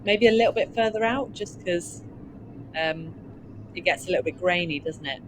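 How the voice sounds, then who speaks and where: A woman's voice: fairly low pitch, normal speed, a little hiss or hum, poor audio. A woman directing a theatre rehearsal over a video call, thinking aloud and checking with tag questions. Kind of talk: rehearsal planning talk.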